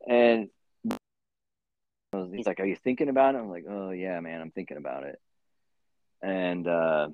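A man with a low, deep voice tells a rambling story in loose, profane podcast chat, full of "like" and "you know." The sound is dull and lo-fi, with a dry close feel and no room around it. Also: dry recording. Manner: rambling, profane, many fillers. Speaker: podcast host.

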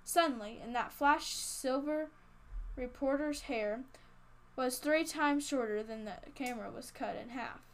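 A woman's voice: sits high, measured pace. A woman reading a children's story aloud, playful and teasing in tone.

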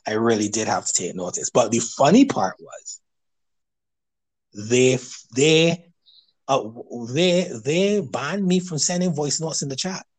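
A man with a Barbadian accent, hosting a podcast and telling stories in a casual, animated chat with frequent restarts. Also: on the high side. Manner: animated storyteller, quick to laugh, many restarts. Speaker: podcast host.

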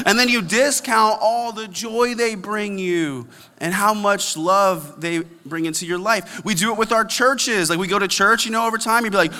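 A man preaching as a pastor, his voice bright and forceful and set a bit high. He talks in a lively, casual way and slips into quoted complaints. The sound carries a long hall reverb. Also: moderate pace. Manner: animated, acts out quoted complaints. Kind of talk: sermon. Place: large church auditorium.

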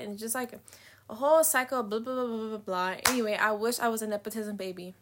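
A young woman vlogger with a fairly high voice talks quickly in a casual confessional vlog. She vents candidly, using slang and profanity, trailing off mid-thought and laughing often.

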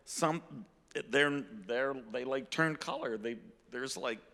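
A man teaching about faith in a casual conversation, expressive as he points things out to those listening. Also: mid-range voice, slow pace, big-room sound. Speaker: ministry teacher.

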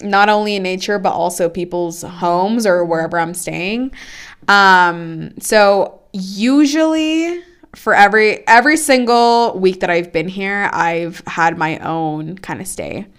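A young adult woman tells a story in casual podcast chat, leaning on fillers as she goes. Her voice is smooth and clear, and it sits at a middling pitch. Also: measured pace. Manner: chatty storytelling with many fillers.

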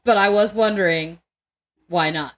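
A woman's voice: mid-range voice, unhurried. A woman co-hosting a podcast in casual chat, crude and joking, laughing often and tripping over words. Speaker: podcast co-host.

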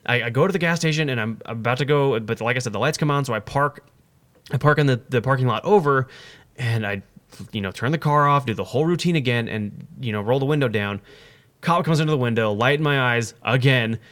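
A young man rattles through an anecdote in quick, casual chat. His speech is rambling and animated, and his voice sits at a middling pitch for a man. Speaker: podcast co-host telling a story.

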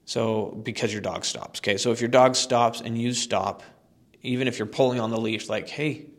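A man explains dog training mistakes in a chatty, instructional podcast style. His voice sits at a middling pitch. He talks emphatically, with loose fillers and restarts. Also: steady tone, normal speed.

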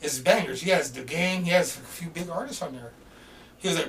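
Gravelly man telling a wild story. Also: on the high side, brisk, distant mic. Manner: animated, swearing, acts out quotes loudly. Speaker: podcast guest. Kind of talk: casual storytelling.

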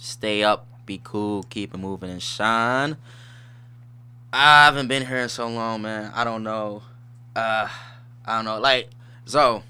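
Bright-voiced laid-back man hosting a podcast. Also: lowish voice, clean tone. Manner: laid-back slangy rambling, laughs often. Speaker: podcast host. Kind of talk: casual solo podcast chat.

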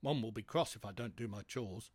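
A man's voice: lowish voice, a little fast, breathy edge, dry recording. A man voicing a small, fussy and nervous boy insect in a storybook.

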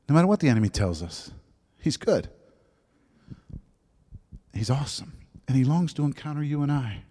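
A man in his fifties telling his conversion story as a sermon testimony, shifting from lively storytelling to soft, hushed moments. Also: fairly high pitch, normal speed, long pauses. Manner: storytelling, drops to soft whispers at emotional moments. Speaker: preacher giving a testimony. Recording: long hall reverb.

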